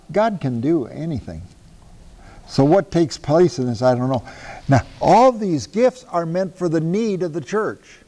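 An older Midwestern man teaches a Bible class, slow and unhurried, with a mellow, dark tone. His voice carries a long reverb from a hall, and he talks conversationally with the group. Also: medium pitch. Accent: Midwestern American. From American Midwest. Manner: conversational, takes questions, chuckles at himself.

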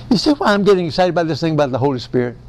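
A man preaching a folksy Bible-study sermon, excitable and often chuckling. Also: on the high side, quick pace.

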